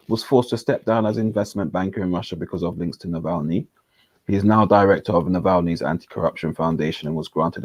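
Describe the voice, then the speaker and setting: A man's voice: low-pitched, darkish tone, dry recording. A man reading a news article aloud on a panel chat, stumbling over names and making jokey asides. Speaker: panel host.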